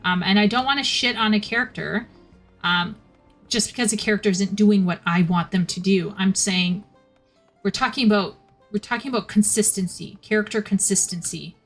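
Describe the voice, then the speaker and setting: Chatty and prone to starting her sentences over, a streamer talks through a game's plot while playing it live and picks apart the writing. Her medium-pitched voice moves at a normal pace over soft background music.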